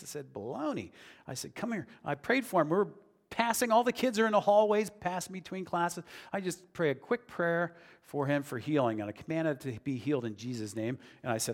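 A man's voice: medium pitch, expressive, brisk. A man preaching a sermon in an earnest, conversational way that builds to emphatic declarations. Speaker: pastor. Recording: long reverb of a large hall.

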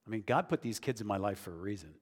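A man's voice: fairly low pitch, lively intonation, very fast. A man preaching a sermon in an earnest, conversational way that builds to emphatic declarations. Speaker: pastor. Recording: long reverb of a large hall.

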